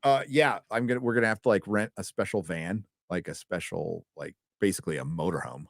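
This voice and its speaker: A man's voice: deep voice, a little fast, vocal fry, dry recording, studio quality. A man hosting a live stream, reading out donations in loose casual chat, swearing freely and tripping over words.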